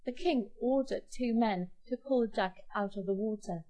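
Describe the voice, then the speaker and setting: A woman narrating a children's fairy tale in an expressive, clear storybook style. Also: fairly high pitch, normal speed.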